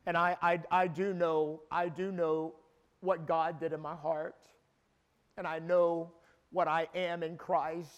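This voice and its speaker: A man around sixty preaching a sermon, emphatic, repeating his words and building to shouted peaks. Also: fairly high pitch, level tone, slow.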